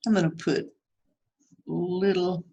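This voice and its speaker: A woman's voice: fairly low pitch, little pitch movement, slow, dark tone, low-quality recording. A woman teaching a watercolor demonstration, chatting as she paints, self-critical and reassuring by turns. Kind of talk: painting demonstration, thinking aloud.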